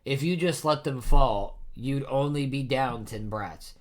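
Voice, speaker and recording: A man reading out the lines of a cruel, gloating male knight, slow and relishing. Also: medium pitch, natural voice.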